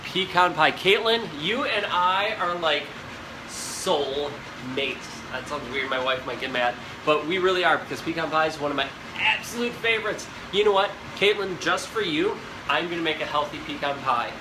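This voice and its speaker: A young man hosts a live cooking stream from his home kitchen, chatting and rambling directly to his viewers. His voice sits a little high and moves at a normal speed. The kitchen sounds echoey, with fan noise in the background.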